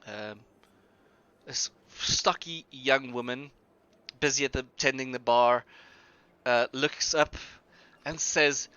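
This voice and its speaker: A man's voice: medium pitch, takes it slowly, pauses often, bright, forceful tone, smooth, no room sound. Man, game master, streamed tabletop game, rambling hesitant narration, dry close sound, dull lo-fi audio.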